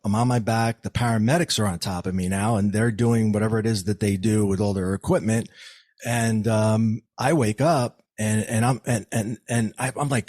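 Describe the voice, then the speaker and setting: Low-voiced man telling a personal story. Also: a little mellow, no echo. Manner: earnest, many restarts and fillers. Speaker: podcast guest.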